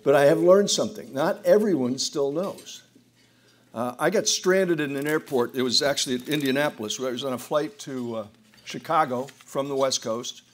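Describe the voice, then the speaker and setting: A man's voice: mid-range voice, normal speed. A man in his sixties or older from the United States, telling humorous stories to an audience in a wry, self-deprecating way, often restarting his sentences. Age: 60s or older. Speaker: speaker at a roundtable. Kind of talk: humorous storytelling speech. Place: event hall before an audience.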